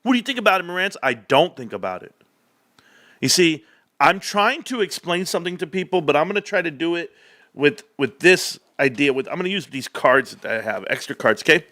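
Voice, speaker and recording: Bright, punchy man ranting to his chat. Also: moderate pace, dry recording, studio quality. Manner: animated, loud, joking, talks straight to chat; acts out other voices in a raised pitch. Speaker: livestream host. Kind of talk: casual livestream rant.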